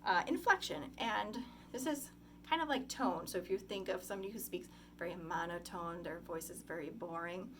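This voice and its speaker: A woman's voice: on the low side, moderate pace, slight background noise. A young woman giving a class oral presentation, talking casually with many ums and likes. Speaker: student presenter.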